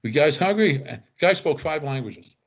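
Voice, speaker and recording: A man's voice: on the high side, expressive, normal speed. An older man telling rambling anecdotes in casual chat, acting out quoted voices and chuckling. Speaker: author telling stories.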